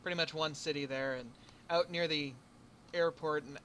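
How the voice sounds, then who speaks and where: A man's voice: on the high side, steady tone, normal speed, fairly bright tone, slight background noise. A man narrating as game master in a tabletop game, casual and a little hesitant.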